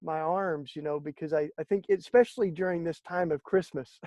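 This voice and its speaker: A man, a guest in an interview, telling stories in a lively conversational way and acting out the voices of the people he quotes. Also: a little high, normal speed, few pauses, no room sound, dull audio. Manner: animated storyteller, acts out quoted speech. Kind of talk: conversational storytelling.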